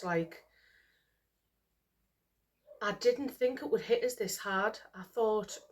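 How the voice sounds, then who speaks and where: A woman's voice: mid-range voice, animated, slow, long pauses. A middle-aged British woman vlogging to camera, overwhelmed and emotional after crying all morning, sighing and repeating herself. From United Kingdom. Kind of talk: casual chat to camera.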